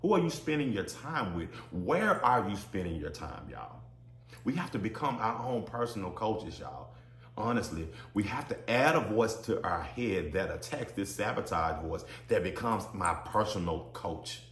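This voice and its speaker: A man's voice: on the low side, lively intonation, moderate pace, a bit bright. A man hosting a podcast, giving a motivational self-help talk. He preaches, keeps calling his listeners y'all and builds to emphatic peaks. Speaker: podcast host. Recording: echoey room.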